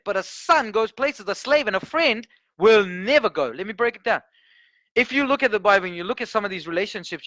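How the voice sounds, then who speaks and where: A man preaching a sermon, telling a story with animated voices and building to emphatic points. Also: sits high, dry recording. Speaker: guest preacher.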